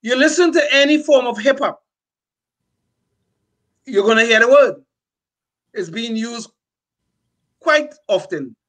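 Emphatic older man, bright and high. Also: lively intonation, slow, pauses often. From California. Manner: emphatic, repetitive restarts. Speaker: podcast co-host. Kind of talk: political commentary.

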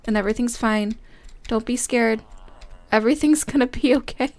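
A bubbly young woman hosting a casual gameplay session, chatting along as she plays. Her voice sits a little high, and she coaxes the game characters while breaking into sudden excited squeals. She talks close to a desk microphone. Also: a little slow, pauses often. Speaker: gaming host. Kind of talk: casual let's-play commentary.

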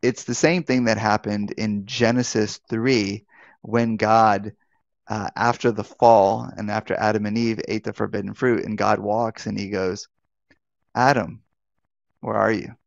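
Speaking at a measured pace with vocal fry and little pitch movement, this pastor and life coach has a fairly low voice. He leads a live online Bible talk in a conversational way, restarting phrases and asking rhetorical questions, on a lo-fi recording without echo.

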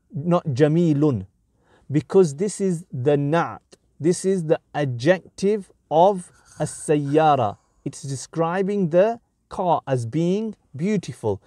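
A man teaching Arabic grammar in a slow, deliberate way, breaking each sentence into short phrases. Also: a little high, expressive, mellow, dry recording, clean studio sound. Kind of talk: explanatory grammar lesson.

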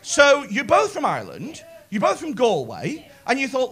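A male comedian works the audience live in a club, holding the mic and tossing out sweary teasing while people laugh. His voice is very high and fairly bright, swooping wildly in pitch at a normal speed.

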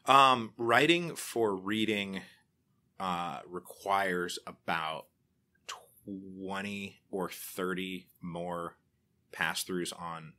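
A man with a deep, low voice that still sounds crisp and bright. He talks in a relaxed, rambling interview chat, wry and full of anecdotes. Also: drawn-out words. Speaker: podcaster guest.

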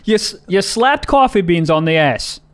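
A man's voice: sits high, expressive, moderate pace, clean tone. A man co-hosting a podcast, bantering crudely with blunt, short reactions and dirty questions. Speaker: podcast co-host.

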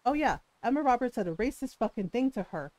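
A woman streamer telling a story in casual live-stream chat, animated and ranting, laughing often and swearing freely. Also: on the high side, fast talker, no room sound, low-quality recording.

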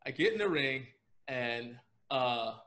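Speaking slowly at an ordinary middle pitch, a podcast guest recounts a story in a casual, meandering way. He's an animated teller who often breaks into laughter, repeatedly restarting and piling on fillers.

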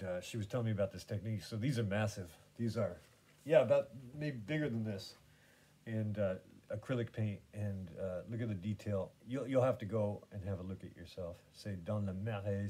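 A man's voice: on the low side, normal speed, mellow, slightly rough. A man hosting his own podcast, chatting casually about painting and gallery visits in a meandering way, full of fillers and restarts. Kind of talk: casual rambling chat.

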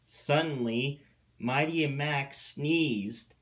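Man narrator reading a storybook episode aloud, very slow, mid-pitched voice. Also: steady tone.

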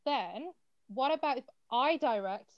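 Brief: a woman as a firm, scolding young woman; high voice, dry muffled call sound. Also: lively intonation, measured pace, dry recording. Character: blunt, no-nonsense young woman. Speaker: student actor. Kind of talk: online amateur drama over video call. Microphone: video call. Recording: dry lo-fi video call audio.

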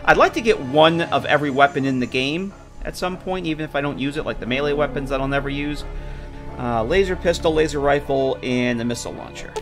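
A man's voice: on the high side, brisk, over music. A man casually streaming a game, rambling with lots of fillers and chatting with viewers. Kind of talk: casual live-stream commentary.

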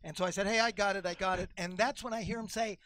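Bright-voiced male co-host, chatty storyteller, casual podcast banter. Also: high-pitched, fast talker. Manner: chatty storyteller, animated retelling. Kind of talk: casual chat.

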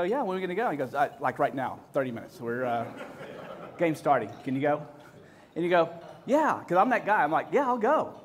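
Self-deprecating man in his fifties. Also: fairly high pitch. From Texas. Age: 50s. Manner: self-deprecating, joking, full of restarts and quoted dialogue. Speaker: speaker. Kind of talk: storytelling talk to an audience.

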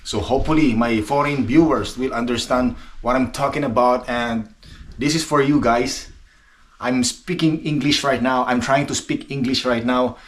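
A man's voice: medium pitch, steady tone, moderate pace. Playful Filipino man vlogging in snow. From Philippines. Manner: playful, self-mocking, switching between English and Filipino. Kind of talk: casual vlog chat outdoors. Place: outdoors in falling snow.

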